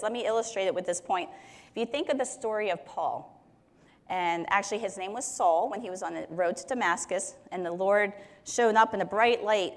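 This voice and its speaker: A woman teaching on Scripture in a conversational way, explaining verses with everyday examples. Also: mid-range voice. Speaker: Bible teacher. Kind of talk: Bible teaching talk.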